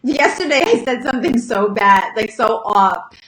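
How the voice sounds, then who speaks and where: A woman's voice: on the high side, animated, normal speed, fairly bright tone, echoey room, rough recording. A woman co-hosting a podcast in casual, rambling chat, with lots of restarts. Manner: chatty, rambling, many restarts. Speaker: podcast co-host.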